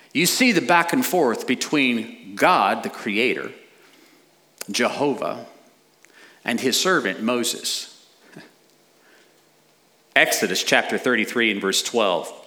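A middle-aged man preaching a sermon as a pastor, animated with dramatic pauses. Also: mid-range voice.

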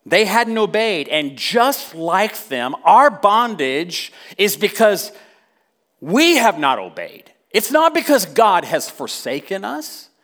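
A man's voice: sits high, very animated, takes it slowly, fairly bright tone. A man preaching a sermon, impassioned and building repeatedly to emphatic peaks. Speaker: pastor.

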